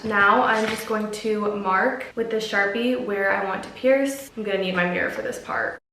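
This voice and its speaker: A woman's voice: mid-range voice, fairly even intonation, normal speed, bright, forceful tone, reverberant, distant mic, slight background noise, rough recording. A young woman vlogging at home, chatting casually to her viewers and getting nervous and jittery as she talks. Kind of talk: casual tutorial vlog. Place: room at home.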